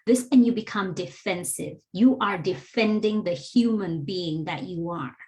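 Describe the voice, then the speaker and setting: A woman guest on an interview, explaining things in an earnest, measured, teacherly way. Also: lowish voice, darkish tone. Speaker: guest, DEI educator.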